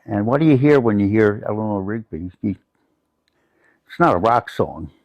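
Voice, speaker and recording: A lower-pitched older man recalls his past in an unhurried, reflective way, speaking as an interview guest. His voice is close and dry, with no room sound around it. He is from the United States and tells his stories in a plain, conversational manner. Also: animated, darkish tone, dry recording, muffled recording. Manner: reflective anecdotal storyteller. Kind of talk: personal storytelling in an interview.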